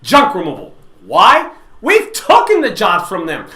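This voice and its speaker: A man's voice: sits high, measured pace. A man who runs a junk removal business, talking casually to camera and repeating his points for emphasis. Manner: animated, repeats points for emphasis, many fillers and restarts. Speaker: junk removal business owner and channel host. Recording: roomy echoey room.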